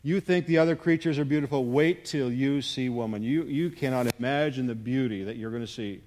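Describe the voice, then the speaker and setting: A man's voice: mid-range voice, a little fast, a little mellow, a little hiss or hum, natural voice. A man voicing God in a joke as a chatty, folksy figure with a coaxing salesman tone. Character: genial chatty male God telling a joke.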